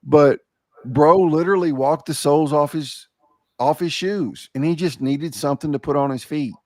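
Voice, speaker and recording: Dude hosting, laid back, says bro a lot, dry close mic. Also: male voice, a little high, moderate pace, darkish tone, no echo. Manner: casual, says "bro" and "dude", affirming interjections. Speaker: podcast host. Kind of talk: casual podcast chat.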